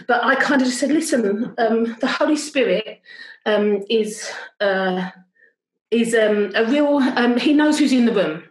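A middle-aged woman, a worship leader, telling a story at home over a video call in a chatty, animated way, often breaking off mid-sentence. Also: on the high side, a little slow, reverberant, poor audio. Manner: chatty, animated, self-interrupting.

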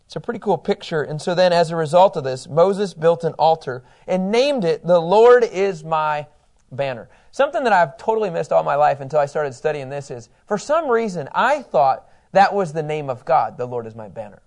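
A man's voice: on the high side, sing-song, brisk, few pauses, darkish tone. A middle-aged man teaching a Bible class in a conversational way, reading scripture aloud and asking his listeners questions.

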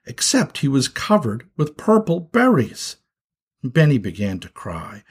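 Man reading a children's story, breathy. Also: mid-range voice, unhurried. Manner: expressive, animated reading.

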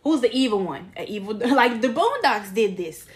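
A young woman co-hosts a casual podcast. She tells stories in a fairly high voice and laughs through them as she teases. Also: big pitch swings, moderate pace. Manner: laughing, storytelling, teasing. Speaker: podcast co-host.

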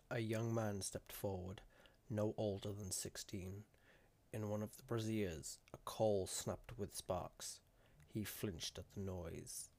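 A man narrating a fantasy story in a measured, deliberate way with dramatic emphasis. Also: lowish voice, steady tone, mellow.

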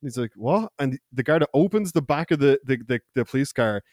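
A man's voice: mid-range voice, fast talker, darkish tone, no room sound, studio quality. A young Irish man, a podcast co-host, telling a loose, profane anecdote in casual chat, laughing and acting out quotes. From Ireland.

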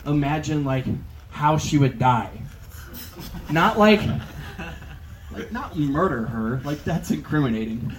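A man's voice: on the high side, animated, takes it slowly, pauses often, slight background noise, low-quality recording. A young man doing a stand-up comedy set on a club stage, rambling with lots of filler words. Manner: rambling, filler-heavy delivery with many "like"s.

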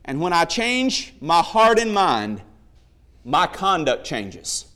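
A man's voice: on the high side, very animated, slow pace, sharp tone. A man preaching a sermon, emphatic, telling stories and acting out the voices in them.

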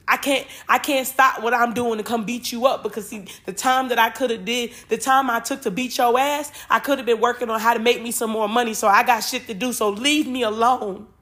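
A woman's voice: fairly high pitch, steady tone, a little fast, hardly any pauses, a bit bright. A woman, reading Bible verses and talking emotionally and informally, swearing freely, on her spiritual podcast.

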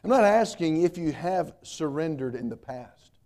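A middle-aged pastor preaching with emphatic repetition and homespun humor. His voice sits a touch high for a man yet sounds mellow and warm. He leans hard on his key points. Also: expressive, moderate pace. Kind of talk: sermon.

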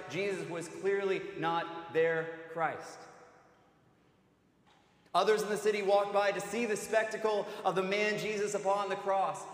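A man leading a slow, solemn Good Friday sermon as a student ministry director, with dramatic pauses. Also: sits high. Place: cathedral. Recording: echoey church hall.

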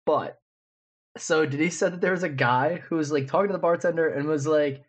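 A slightly rough, fairly high male voice, brisk in delivery: he's a podcast co-host in his 20s rambling through a casual story with plenty of fillers.

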